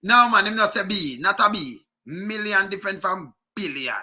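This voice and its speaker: A man's voice: sits high, animated, moderate pace, bright, forceful tone. A man with a Jamaican accent giving casual commentary, arguing his point over and over and chuckling as he goes. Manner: argumentative, repeats himself, chuckles often.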